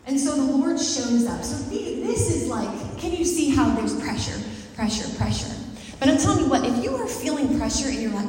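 A woman pastor giving a sermon in a conversational, lively way, laughing and acting out little asides. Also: high-pitched, moderate pace, a little hiss or hum. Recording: very echoey hall, mic far off, faint ambience.

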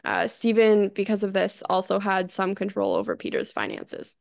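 Creaky, gravelly voice from a woman co-host telling a true-crime story in a loose, chatty way. The sound is dry and close, with no room echo. She stumbles over unfamiliar names and laughs them away. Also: medium pitch, big pitch swings, normal speed. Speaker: podcast co-host. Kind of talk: casual true-crime chat.

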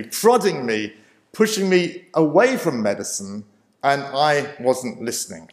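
A man, a minister, telling his life story with self-deprecating humour and frequent laughter. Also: on the high side. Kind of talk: personal testimony talk. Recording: roomy echo.

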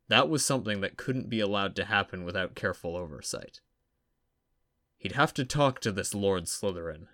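Reading a story aloud at a steady, even pace, a man with a lowish voice sounds like an audiobook narrator. The sound is close and entirely dry, without any room echo.

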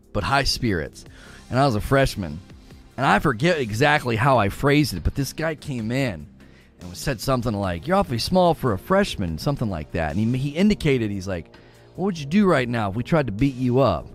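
A man's voice: medium pitch, normal speed, faint music behind. A young adult man streaming a game, talking casually with his chat, laughing often and greeting viewers. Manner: animated, laughs often, reads chat aloud.

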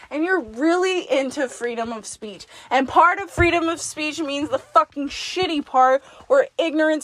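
A woman hosting a podcast, talking to herself in the second person in a blunt, profane, forceful pep talk. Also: sits high, dry recording. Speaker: podcast host. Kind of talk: self-directed pep talk monologue.

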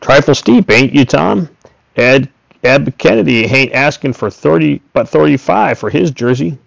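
A man's voice: mid-range voice, lively intonation, measured pace, gravelly, no room sound, voice pushed up, full character voice. A man voicing a talkative old male farmer and horse trader who coaxes in a folksy rural drawl. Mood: coaxing. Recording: dull, dry recording.

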